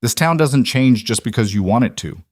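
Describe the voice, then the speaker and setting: A man's voice: mid-range voice, lively intonation, normal speed, dry recording, studio quality, close to an everyday voice. A man voicing a ruthless young male outlaw with a snarling, contemptuous way of talking, in a scripted story reading. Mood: menacing.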